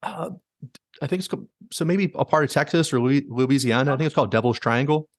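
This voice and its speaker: A man's voice: mid-range voice, fairly quick, no room sound, clean studio sound. A man hosting a podcast, casually retelling stories with many likes and quoted asides. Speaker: podcast host. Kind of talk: casual storytelling.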